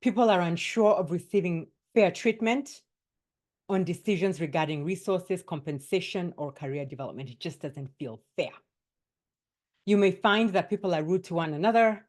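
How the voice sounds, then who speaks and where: A woman coach leading a wellness workshop for doctors, her voice sitting a little low for a woman. She talks in a lively, emphatic way, driving each point home and often tagging it with a quick "right?" to keep the room with her.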